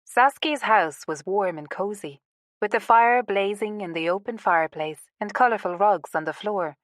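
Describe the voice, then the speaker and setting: A woman narrating a romance audiobook in a calm, even storytelling manner. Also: medium pitch, moderate pace, dry recording, studio quality. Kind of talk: scripted narration.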